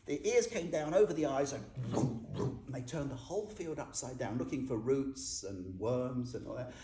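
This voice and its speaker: A man's voice: mid-range voice, expressive, moderate pace, warm tone. Chatty man teaching in an echoey hall. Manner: chatty and humorous, asks the audience questions. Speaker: Buddhist teacher. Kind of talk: informal dharma talk to a group. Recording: echoey room with faint noise.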